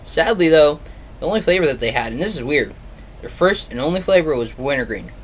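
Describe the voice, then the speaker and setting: A man's voice: a little high, animated, brisk, fairly bright tone, slight background noise. A man giving a casual video review, rambling with many ums and uhs. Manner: rambling, filler-heavy, offhand. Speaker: product reviewer.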